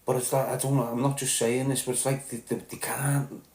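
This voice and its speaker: Scouse guy ranting on his podcast, sweary, loud then mumbly, echoey room. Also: flat delivery, brisk. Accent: Liverpool. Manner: blunt and profane, swings between loud outbursts and low muttering. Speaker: podcast host. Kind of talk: candid monologue.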